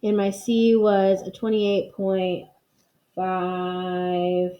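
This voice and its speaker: A woman teaching a math lesson over a screen recording, explaining clearly in a conversational way. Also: mid-range voice, monotone, very slow. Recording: echoey, dull lo-fi sound.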